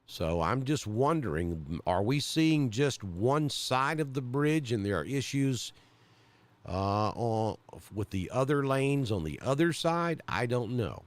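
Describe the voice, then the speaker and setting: A man's voice: medium pitch, big pitch swings, slow, dry recording. A man from central Alabama with a Southern accent, giving live storm coverage as a weather broadcaster and thinking aloud with many fillers.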